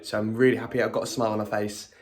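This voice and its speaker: A man's voice: fairly low pitch, flat delivery, racing, noisy background. A young man, chatting enthusiastically in a casual food vlog. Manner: enthusiastic and chatty, lots of exclamations. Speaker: vlogger.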